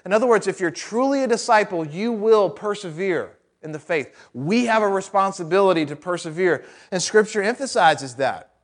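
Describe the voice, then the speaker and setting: Male pastor, high voice, chatty sermon with rhetorical questions and light jokes. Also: expressive, moderate pace, hardly any pauses. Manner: conversational, with rhetorical questions and joking asides.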